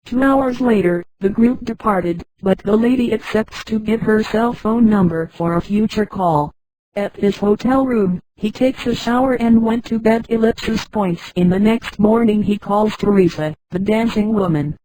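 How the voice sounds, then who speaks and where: Computer lady reading a story, says the punctuation out loud, mellow tone, dry close sound. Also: mid-range voice, normal speed, no room sound, low-quality recording. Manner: reads punctuation names aloud. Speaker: narrator.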